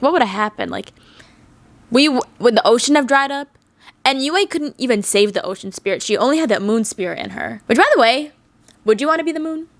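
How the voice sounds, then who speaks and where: In casual fan commentary on her channel, a young host with a voice on the high side rants about a cartoon show, animated, exasperated and joking. There's no echo.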